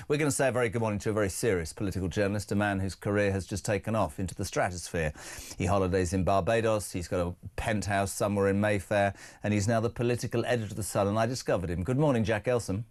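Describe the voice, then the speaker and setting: A man's voice: lowish voice, fast talker. A middle-aged man hosting a live breakfast radio phone-in, joking and reading out listener messages. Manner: jokey, reads out listener messages. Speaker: radio breakfast show host.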